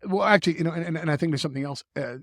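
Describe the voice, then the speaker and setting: A man talking as a guest in a podcast conversation, animated and repeating words as he restarts his thoughts. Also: fairly high pitch, rapid-fire, no room sound, clean studio sound. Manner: animated, stumbling restarts, stretches words for emphasis. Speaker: wrestling manager guest.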